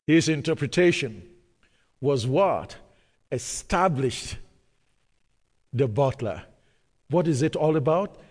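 A pastor preaching a sermon, reading scripture aloud and retelling it with dramatic pauses and sudden bursts of emphasis. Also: male voice, on the high side, lively intonation, long reverb tail.

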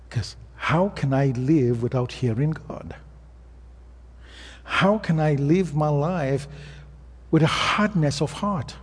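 A man's voice: medium pitch, breathy edge. A man with an African accent, a pastor preaching a sermon and telling stories in a plain, earnest way. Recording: long reverb of a hall.

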